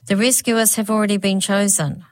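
A woman's voice: medium pitch, fairly even intonation, moderate pace, no echo, pitched above the performer's own voice, natural voice. A woman reading the lines of a stern, frowning king in a storybook.

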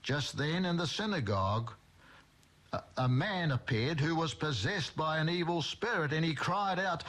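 A man preaching a sermon, retelling scripture in a slow, emphatic storytelling way. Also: fairly high pitch, lively intonation, a bit bright.

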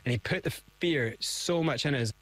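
A man's voice: mid-range voice, moderate pace. Man telling a story animatedly. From Scotland. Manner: animated, acts out quoted voices. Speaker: interview guest. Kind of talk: storytelling in an interview.

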